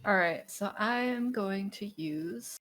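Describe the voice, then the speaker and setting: A woman's voice: mid-range voice, slow, a bit bright. A woman playing a tabletop game, talking in an upbeat, chatty way. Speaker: player. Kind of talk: casual tabletop game chat. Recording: music playing behind.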